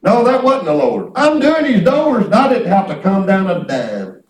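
A man's voice: high voice, very animated, moderate pace, distant mic. Folksy preacher man in an echoey hall. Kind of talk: sermon testimony.

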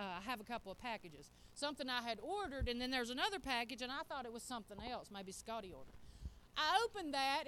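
Woman, middle-aged, animated sermon storytelling, high voice, faint room noise. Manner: animated, folksy, acts out quotes. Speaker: preacher.

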